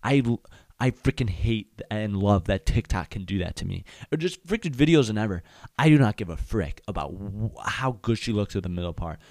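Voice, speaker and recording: A man's voice: lowish voice, animated, moderate pace, a little mellow, dry recording, studio quality. A young man hosting a podcast, rambling through a casual comedic monologue, hyped up and swapping silly words in for swears. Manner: hyped, rambling, self-censoring with silly substitutes. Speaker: podcast host.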